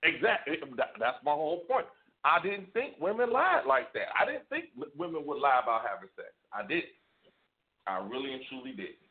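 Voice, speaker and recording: A man with a raised, gravelly voice spins a loose, profane story with lots of restarts, his pitch swinging widely. The sound is thin and tinny, like a phone line. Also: big pitch swings, moderate pace. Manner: rambling and profane, with many restarts. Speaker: radio show host. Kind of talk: casual storytelling chat.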